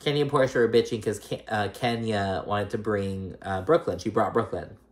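A man's voice: on the low side, normal speed. A man casually recapping a reality show episode, rambling with lots of fillers like "like" and "girl". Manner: chatty, filler-heavy retelling, full of 'like' and 'girl'.

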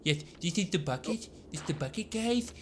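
A man voicing a nerdy young man in glasses who talks in a slow, mild, know-it-all way. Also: high voice, expressive, slight background noise, pitched above the performer's own voice. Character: nerdy bespectacled young man explaining things. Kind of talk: put-on character voice in a gaming video.

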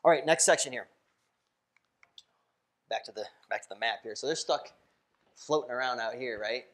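A pastor preaching a sermon in a church, talking casually, asking the congregation questions and laughing often. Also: male voice, medium pitch, moderate pace, a bit bright. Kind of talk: interactive sermon. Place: church sanctuary.

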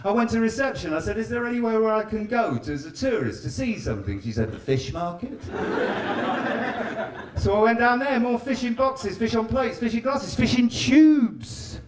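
A man's voice: very high voice, expressive, normal speed. A man doing a stand-up set in a live venue, chatting with and teasing the audience. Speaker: stand-up comedian. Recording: live show with crowd laughter.

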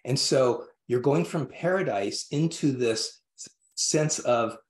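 Interview guest, male, mid-pitched, halting delivery full of restarts, echoey room. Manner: halting, with many restarts and fillers. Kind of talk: interview conversation.

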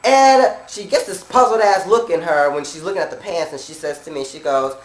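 A young woman vlogger telling a comic story as a blunt, profane, animated rant. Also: lowish voice, a little fast. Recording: echoey room.

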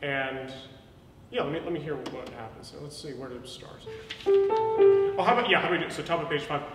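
A man's voice: on the high side, fairly quick. Male voice teacher, encouraging coaching tone, echoey studio with faint piano. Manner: encouraging, explanatory, many fillers. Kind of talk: voice lesson coaching. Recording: echoey room, mic far off, with piano.

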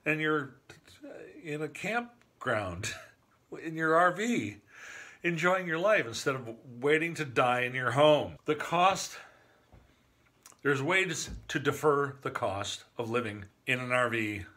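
A man's voice: medium pitch, expressive, slow, bright, forceful tone. A man in his sixties, from northern Michigan, talking casually to the camera in a joking, rambling way and chuckling at his own jokes. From northern Michigan, USA. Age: 60s. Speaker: vlogger.

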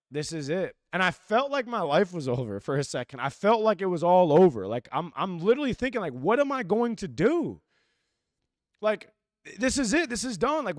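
A man's voice: on the high side, no room sound, clean studio sound. Intense young male motivational coach. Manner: intense, preachy, swings between loud and hushed; casual with lots of "like" and "freaking". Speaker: athletic coach and motivational speaker. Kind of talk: motivational talk.

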